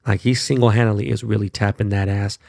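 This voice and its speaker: A man's voice: lowish voice, fairly even intonation, quick pace, gravelly, a little mellow, dry recording, clean studio sound. A man hosting his own podcast, talking bluntly and profanely in a fired-up casual monologue, often tagging lines with "right?" and "okay?". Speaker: podcast host.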